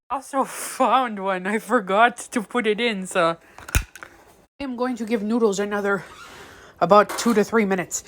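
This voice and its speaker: A woman's voice: medium pitch, a bit bright. Joking young woman cooking at home. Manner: joking, rambling, offhand. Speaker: home cook. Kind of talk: casual cooking vlog narration. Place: home kitchen.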